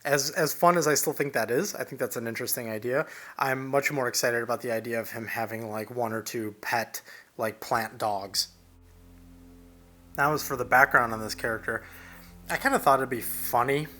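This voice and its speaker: A man's voice: medium pitch, moderate pace, bright, forceful tone. A young man casually narrating over his digital painting, rambling loosely with plenty of fillers and restarts.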